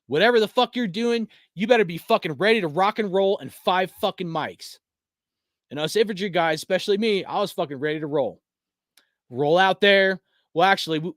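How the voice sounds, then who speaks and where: Heated, profane man, high voice. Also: fairly bright tone, dry recording, studio quality. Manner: profane, heated, rambling with restarts. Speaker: sports fan channel host. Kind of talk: casual ranting commentary.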